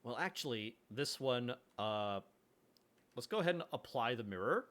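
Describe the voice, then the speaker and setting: A laid-back male streamer chatting away as he works, with a bright, forward tone. His pitch moves around a lot, giving the talk a lively, easygoing feel. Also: moderate pace. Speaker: streamer and game developer. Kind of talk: casual live-stream chat.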